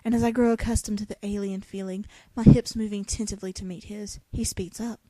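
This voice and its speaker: A woman's voice: medium pitch, fairly even intonation, fast talker, warm tone, no room sound. A young woman reading a novel aloud in a dramatic voice, breaking off for sarcastic jokes. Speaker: reader.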